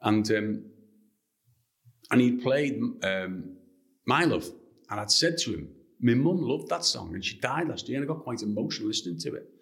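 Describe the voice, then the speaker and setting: A man from Liverpool with a Liverpool accent, a guest author telling anecdotes in an interview in an animated way. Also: medium pitch, moderate pace. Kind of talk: interview storytelling.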